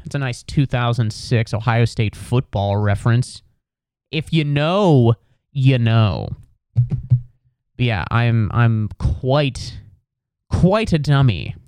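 Man podcasting solo, rambling and swearing at himself, smooth clear tone, dry close sound. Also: mid-range voice, big pitch swings, takes it slowly, pauses often, darkish tone, dry recording. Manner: rambling, profane, self-deprecating. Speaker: podcast host. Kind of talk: casual comedic monologue. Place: home studio.

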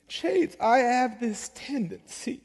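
Man, pastor, emotional sermon, high voice, long hall echo. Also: lively intonation, slow pace. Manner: emotional, heartfelt preaching. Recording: long reverb of a large hall.

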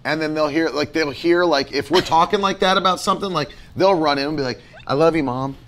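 A man co-hosts a relaxed chat with his wife, speaking with intensity and breaking into laughter. His voice sits a little high for a man, and he reads out comments from viewers. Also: quick pace, a little hiss or hum. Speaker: co-host. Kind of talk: casual chat.

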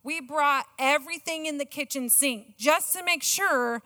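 A middle-aged woman giving a sermon with a personal story, excitable and self-mocking, laughing often. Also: sits high, normal speed. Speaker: church speaker. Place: church auditorium. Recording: long church hall reverb.

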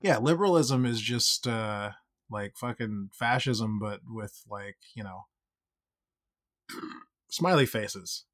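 A man's voice: on the low side, slow pace, a bit bright. A man co-hosting a casual chat, blunt and sarcastic, swearing freely.

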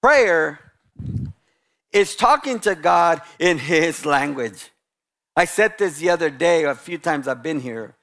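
A man with a high voice preaching a lively sermon. He is animated and a bit sarcastic, and he acts out what people say as he makes his points. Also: slow pace. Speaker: guest pastor.

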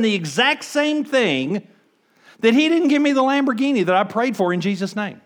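A man preaching a sermon as pastor, conversational, asking the congregation rhetorical questions and swinging between hushed and emphatic delivery. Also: extremely high pitch, very animated, normal speed.

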